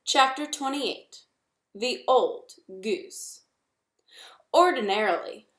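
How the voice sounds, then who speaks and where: A woman reading a children's novel aloud in an expressive, measured way. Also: fairly high pitch. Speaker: reader. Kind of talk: storybook read-aloud. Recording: echoey room.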